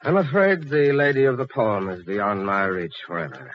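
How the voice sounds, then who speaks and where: A man's voice: on the low side, normal speed, natural voice. An actor playing an ardent young male poet, impulsive and declamatory, in a 1940s radio drama. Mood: passionate. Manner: passionate, declamatory. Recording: lo-fi old radio with music.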